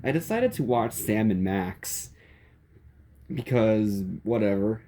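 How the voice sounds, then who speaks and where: Guy reading a goofy story aloud, playful, bouncy pitch, warm mellow voice. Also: big pitch swings, takes it slowly, a little hiss or hum. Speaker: narrator.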